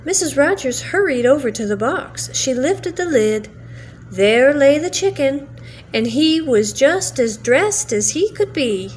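An older woman, a grandmother, reading a children's bedtime story aloud in a gentle, soothing way. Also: high voice, expressive, unhurried, a little hiss or hum.

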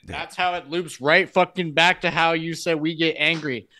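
Blunt, swearing metal band guest from Iowa. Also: male voice, a little high, steady tone, moderate pace, sharp tone. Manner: blunt, ambitious, swears freely. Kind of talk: casual interview chat.

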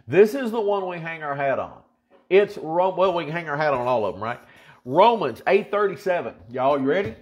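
A man, a pastor chatting casually and then reading Scripture with emphatic, folksy repetition. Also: on the high side. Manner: emphatic, folksy, repeats for stress. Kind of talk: casual chat and Bible reading.

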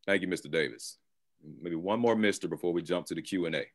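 Man, very deep voice, moderating a video call panel, conversational. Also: fast. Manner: relaxed and conversational, with occasional laughs.

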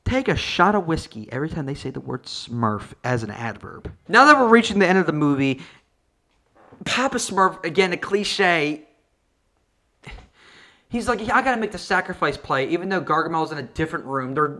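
A video reviewer ranting about a movie with exasperated, profane comic energy, sometimes jumping into high-pitched outbursts. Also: lively intonation, normal speed, a bit bright. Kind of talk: comedic movie review rant.

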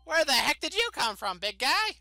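Man, let's play host: very high, bright voice, lively swings, goofy and excitable, faint game music underneath. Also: moderate pace, gravelly. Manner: excitable, goofy, exclaims loudly. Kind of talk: gameplay commentary.

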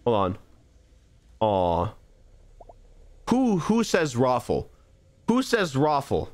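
Animated young male game streamer. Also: mid-range voice, drawn-out words. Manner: chatty, jokey, talks to himself. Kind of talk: live gameplay commentary.

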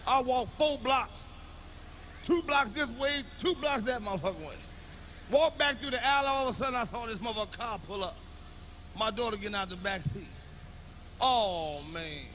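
A man telling profane stand-up comedy stories to a live audience, often shouting. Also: very high voice, moderate pace, long pauses, slight background noise.

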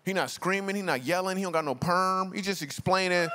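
A man's voice: high-pitched, brisk, noisy background. A man, a comedian and guest speaker, telling funny stories to a church congregation in a loose, slangy, conversational way. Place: large church auditorium. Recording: long reverb of a large church hall.

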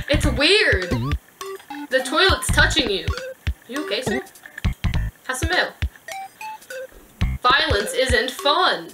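Giggly high-voiced woman playing a game. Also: very animated, slow, pauses often, poor audio. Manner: giggly, playful, talks to game characters. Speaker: gaming video host. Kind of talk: casual let's-play commentary. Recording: music playing behind the voice. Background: game music.

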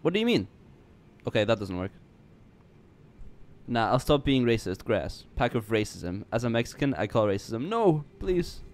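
A man's voice: medium pitch, expressive, normal speed. A young man livestreaming a game, chatting in a goofy, rambling, self-mocking way with stammered restarts. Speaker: streamer. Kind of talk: casual game livestream chat. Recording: jazz music faintly behind.

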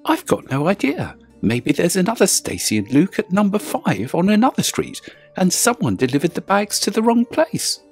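Puzzled neighbour woman, put on by a man in a raised, lighter voice, slightly husky, soft music underneath. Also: on the low side, very animated, moderate pace, voice pushed up, heavily acted.

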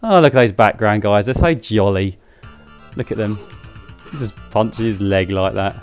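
A man's voice: lowish voice, moderate pace, faint music behind. Chatty self-mocking man gaming. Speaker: gaming channel host. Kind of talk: casual gameplay commentary.

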